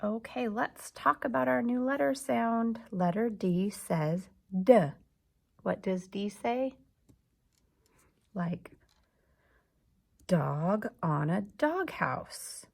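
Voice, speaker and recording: A woman leads a phonics lesson for young children at a very slow, patient pace. She sounds out each letter carefully, and a gravelly edge of fry runs through her voice. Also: on the high side, a little mellow. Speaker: teacher.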